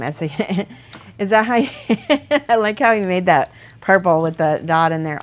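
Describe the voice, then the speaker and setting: A woman's voice: fairly low pitch, animated, measured pace. A woman chatting casually and rambling with frequent giggles while she paints miniatures for her viewers. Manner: chatty, rambling, giggly, soft when concentrating.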